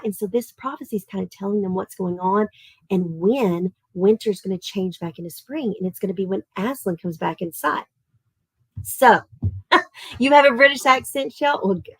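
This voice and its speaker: A friendly woman with a Southern Tennessee accent talks children through a lesson on a video call. Her talk is chatty and full of fillers and restarts, at a mid pitch, and the sound is dry and close with no room echo. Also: a little mellow. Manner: reads verse slowly and rhythmically. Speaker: homeschool art and literature teacher. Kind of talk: live online class for children.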